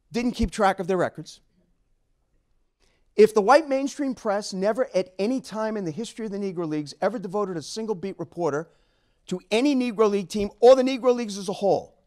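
A man speaking as an author at a book talk, telling stories in an animated, emphatic way and chuckling along. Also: sits high. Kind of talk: storytelling lecture.

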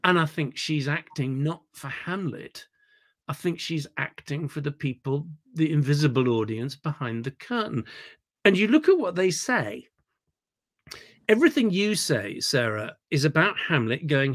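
Animated man coaching actors online. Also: fairly high pitch, measured pace. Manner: animated, digressive, repeats words when excited. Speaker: theatre director leading a workshop. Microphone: video call.

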